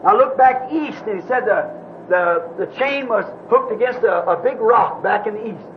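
A man with a very high voice preaches, retelling a story in a folksy, rambling way. The sound is dull and muffled like an old tape, with a faint hiss underneath. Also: normal speed. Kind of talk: sermon storytelling.

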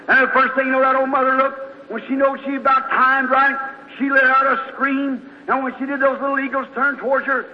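Male preacher, very high voice, folksy and fervent, dull recording in a big echoing hall. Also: a little hiss or hum. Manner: folksy storytelling, fervent outbursts. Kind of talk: sermon. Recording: dull sound in a large hall.

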